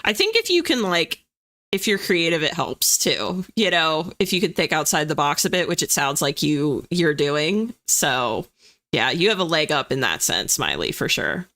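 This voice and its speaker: A young woman hosting a casual livestream from her desk, reading the chat aloud and chatting excitably. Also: deep voice, normal speed. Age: young adult. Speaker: livestream host. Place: home desk with a chair.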